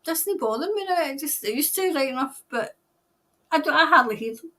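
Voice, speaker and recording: A woman's voice: high voice, lively intonation, brisk, pushed and bright. A Scottish woman hosting a tarot livestream, chatting casually and ramblingly with viewers while tired.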